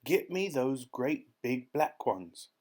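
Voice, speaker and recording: A pompous old duke with a short temper, as a man puts him on for a storybook reading. He blusters and bellows, his voice pushed well above the reader's own. Grand, gruff and easily outraged. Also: medium pitch, animated, moderate pace, a little mellow, voice pushed up, lightly acted. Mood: furious.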